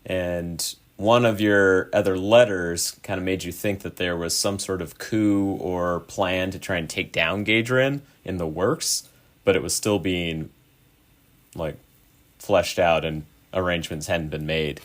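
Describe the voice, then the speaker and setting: A man's voice: sits low, measured pace. A man running a tabletop game as game master, explaining the story to the players in an easygoing way and laughing often.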